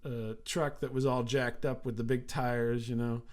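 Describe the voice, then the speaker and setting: Middle-aged guy rambling thru old stories on a chat show, lots of restarts, mid pitch. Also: level tone, normal speed. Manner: rambling anecdotes with frequent restarts and laughter. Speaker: podcast co-host. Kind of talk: casual storytelling chat.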